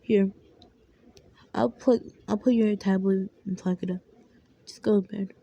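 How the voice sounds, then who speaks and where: A woman playing a caring, worried mother in a family role-play, speaking softly and often in a whisper. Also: medium pitch, fairly even intonation, measured pace, creaky, lo-fi sound. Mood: tender.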